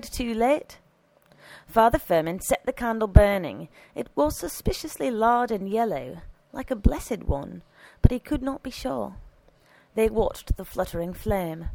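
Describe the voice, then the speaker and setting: A woman reads a story aloud into a close, dry mic, with a lively voice that rises and falls freely. Her mid-range voice carries the narration expressively, with no room sound at all. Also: medium pitch, normal speed, dry recording, poor audio. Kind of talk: audiobook story reading.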